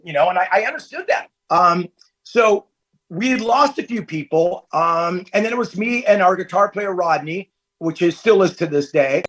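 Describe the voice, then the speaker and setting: A man's voice: high voice, lively intonation, normal speed, a bit bright, slightly rough, soft background music, poor audio. A man in his fifties, a podcast guest, telling candid stories in casual chat from home over a call. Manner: candid, storytelling, laughs easily. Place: at home, family nearby.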